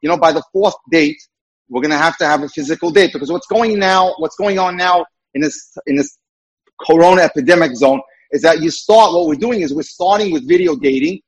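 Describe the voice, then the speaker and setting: A man's voice: fairly high pitch, fairly quick, slightly rough, low-quality recording. A man working as a dating mentor, giving an earnest lecture full of rhetorical questions.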